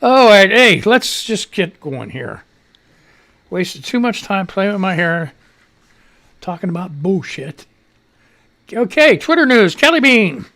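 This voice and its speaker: A man with a gravelly, raised voice hosts a live radio show, rambling and cursing casually. He gets short of breath as he talks, and his pitch leaps around with lively swings. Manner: loud rapid-fire greetings, chatty, swears freely.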